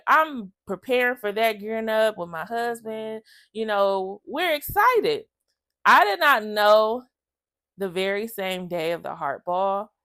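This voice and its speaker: A woman vlogger talks straight to her viewers in a chatty, heartfelt way, emotion close to the surface. Her voice sits in a middle range and sounds dry and close, with no room echo. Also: mid-range voice. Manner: emotional, lively storytelling that acts out other people's lines; chatty, addresses viewers as y'all. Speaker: vlogger sharing her own story. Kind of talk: casual personal storytelling to camera.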